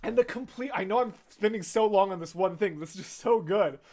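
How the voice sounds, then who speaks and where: Gushing male music reactor. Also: brisk. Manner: gushing, talkative, breaks into sung snippets and falsetto. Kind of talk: excited musical reaction and analysis.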